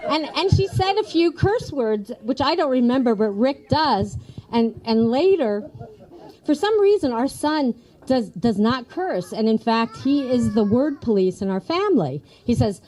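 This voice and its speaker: Woman in her 50s telling funny stories at a eulogy, kinda high but mellow voice. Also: low-quality recording. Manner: warm storytelling, laughs at her memories. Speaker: eulogy speaker, niece. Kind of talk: personal eulogy at a funeral.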